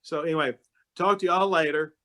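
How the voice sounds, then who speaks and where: A man's voice: on the high side, fairly even intonation, a little fast, pushed and bright. A man, a county judge, speaking to a club meeting over a video call in a folksy, emotional storytelling way. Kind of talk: informal talk to a club meeting.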